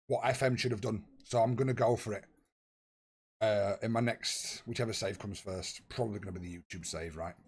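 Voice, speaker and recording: Husky man chatting to viewers. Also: medium pitch, a little mellow. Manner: swears freely, chats with viewers while playing. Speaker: streamer. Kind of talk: casual live-stream chat.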